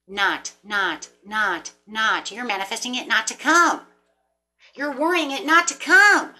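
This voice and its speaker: A woman giving a casual tarot reading, animated and chatty, often repeating and restarting words as she thinks aloud, with the odd casual swear. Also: a little high, measured pace, soft background music. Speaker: tarot reader.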